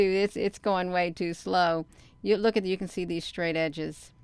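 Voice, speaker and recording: A woman with a low, very smooth and resonant voice talks casually to her viewers about her footage. She rambles and stops herself often, full of fillers and restarts. The sound is dry and close, with no room around it. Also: steady tone, unhurried, a little mellow, dry recording. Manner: talks straight to viewers as "you all". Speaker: vlogger. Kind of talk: casual commentary while showing her own sky footage.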